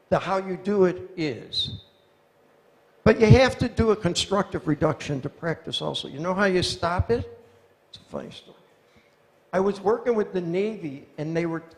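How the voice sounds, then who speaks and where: A man with a gravelly, fairly high voice tells animated stories while answering audience questions. His voice rings with the long reverb of a lecture hall. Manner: animated storyteller, acts out quoted voices. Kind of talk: lecture Q&A, anecdotal storytelling.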